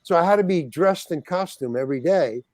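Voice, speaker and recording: Older man spinning an animated yarn. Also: on the high side, brisk, dry recording. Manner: animated, acts out other people's voices, many fillers. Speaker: podcast guest. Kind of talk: rambling anecdotal storytelling.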